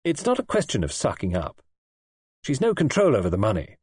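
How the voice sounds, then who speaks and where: A man's voice: medium pitch, wildly swooping pitch, a little fast, a little mellow, husky, no room sound. A man reading an audiobook and voicing a troubled, evasive young husband in a clipped, offhand way. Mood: curt.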